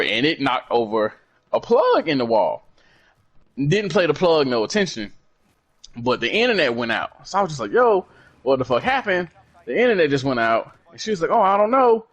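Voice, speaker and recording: A man tells a long story as co-host of a casual podcast. His voice climbs and dips with big swings when he acts out what others said. He curses freely and keeps the talk loose, with a mid-range pitch. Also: muffled recording. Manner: animated, swears freely, acts out quoted dialogue.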